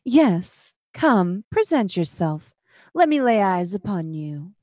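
A woman's voice: mid-range voice, sing-song, slow pace, darkish tone, no room sound, clean studio sound. Woman doing a silky bewitching spider lady. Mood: beckoning.

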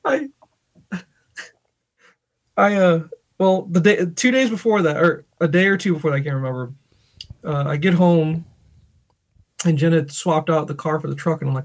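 A man co-hosting a podcast, telling animated stories in casual chat and laughing often. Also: a little high, normal speed, pauses often. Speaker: podcast co-host.

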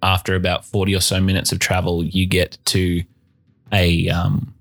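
A man's voice: deep voice, monotone, moderate pace, creaky, a bit bright. A man narrating as game master of a tabletop game, describing scenes steadily.

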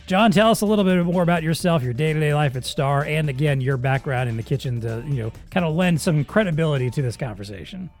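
A man's voice: fairly high pitch, faint music behind. A man co-hosting a podcast in casual chat, joking and laughing often. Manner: jokey, laughs often, quick asides. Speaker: podcast co-host.

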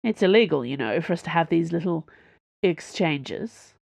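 A woman's voice: low-pitched, lively intonation, moderate pace, creaky, darkish tone, dry recording, clean studio sound, heavily acted. A woman voicing a cocky wounded young male duelist who talks in a languid, teasing, theatrical way.

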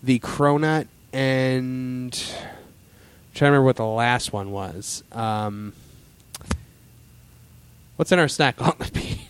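A man's voice: medium pitch, slow pace, pauses often, smooth. A man hosting a casual podcast, chatting in a rambling way with lots of fillers. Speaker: podcast host. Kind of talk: casual chat.

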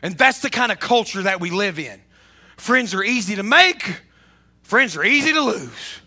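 A man preaching a sermon as a pastor, animated, often repeating himself and rising toward shouts. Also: high voice, moderate pace.

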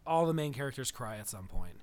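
A man's voice: mid-range voice, animated, fast talker. A man co-hosting a casual chat, gushing and rambling with enthusiasm. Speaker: podcast co-host.

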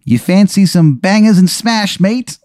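A man's voice: sits high, animated, normal speed, dry recording, studio quality, voice pushed up. A man putting on a corporate guy with a terrible English accent. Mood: cheeky. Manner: hammy, overdone cockney slang.

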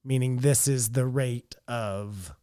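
A man's voice: mid-range voice, slow pace, mellow, clean tone, dry recording, studio quality. A man co-hosting a podcast, chatting casually and rambling, often trailing off mid-thought. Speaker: podcast co-host. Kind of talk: casual chat.

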